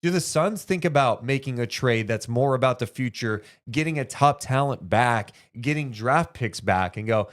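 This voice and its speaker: A man's voice: mid-range voice, expressive, moderate pace, hardly any pauses. A man co-hosting a casual sports talk livestream, working through standings math and reading viewer donations aloud. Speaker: sports podcast co-host.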